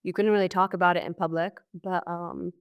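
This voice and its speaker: A woman in her thirties from Syria tells her story as a podcast guest. Her voice sits slightly low and comes across smooth and clean. She talks casually and reflectively, leaning on plenty of fillers. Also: little pitch movement, a little fast. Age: 30s. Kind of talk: personal testimony in conversation.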